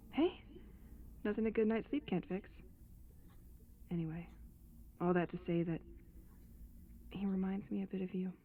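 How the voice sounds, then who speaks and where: A woman's voice: on the low side, slight background noise, close to an everyday voice. An actress voicing a lonely young woman recording reflective, wry diary entries in a game. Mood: tender. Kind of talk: game voice acting. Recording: tinny phone-like sound.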